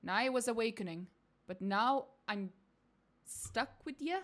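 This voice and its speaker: A woman voicing a fierce, coarse female spirit who shares an elf's body, speaking slowly and gruffly with a rough attempted accent. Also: fairly high pitch, fairly bright tone. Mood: defiant.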